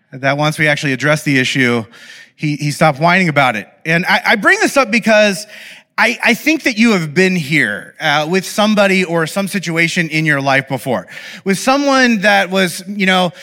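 A man's voice: sits high, sharp tone. A man preaching a sermon in a loose, conversational storytelling way, with frequent fillers, in an echoey hall. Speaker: pastor.

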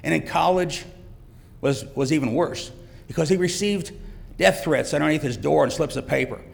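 A middle-aged man speaking from the heart at a church service, with evident emotion. His voice is gravelly and a little higher than usual for a man. It rings with the long reverb of a church hall. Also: normal speed. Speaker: church guest speaker, father. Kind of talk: personal testimony.

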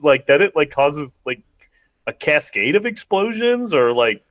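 Fairly high-pitched and very animated, a man's voice comes through bright and dry at a measured pace. Co-hosting a podcast, he rambles through a movie recap in casual chat, full of fillers and small laughs.

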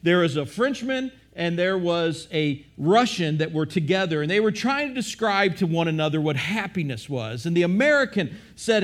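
Male preacher, high voice, questions the congregation, restarts a lot. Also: sing-song, normal speed, few pauses. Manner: questioning the audience, repetitive restarts. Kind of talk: sermon.

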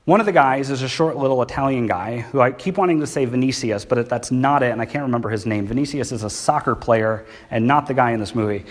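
A man's voice: mid-range voice, fast talker, few pauses. A man, preaching a sermon in a church and talking conversationally with the congregation. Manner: conversational, asks the congregation questions. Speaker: pastor. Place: church hall.

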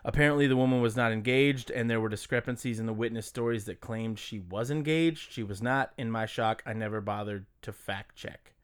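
Man, podcast co-host, casual banter, swears freely, smooth clear voice. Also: medium pitch, brisk, few pauses. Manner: swearing, laid-back banter. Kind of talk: casual chat.

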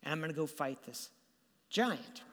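A man's voice: a little high, animated, moderate pace, pushed and bright, voice pushed down. A man voicing a bold, eager young shepherd boy in a retold story, with a long hall reverb.

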